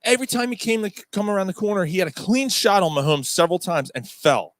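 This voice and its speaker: A man's voice: high voice, animated, fast talker, fairly bright tone, no room sound. A man co-hosting a casual sports podcast, talking in a profane, rambling, opinionated way. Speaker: podcast co-host.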